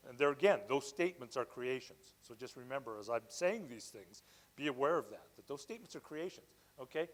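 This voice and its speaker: A man giving a Sunday talk at a spiritual center, lively and conversational, often checking in with "okay?". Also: mid-range voice, fairly quick, low-quality recording. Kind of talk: sermon.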